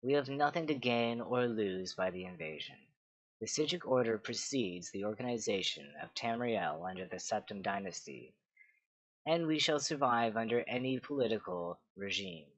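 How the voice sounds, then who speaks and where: A man's voice: mid-range voice, lively intonation, moderate pace, creaky, no echo. A man voicing the proud master of a mage order, who answers curtly, in a dull, dry recording. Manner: proud, curt.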